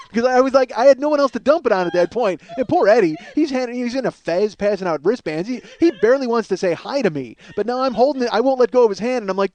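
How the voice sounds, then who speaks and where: Fast-talking, profane ranting man. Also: high voice, very animated, a little mellow. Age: 40s. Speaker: podcast host. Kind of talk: comedic storytelling monologue.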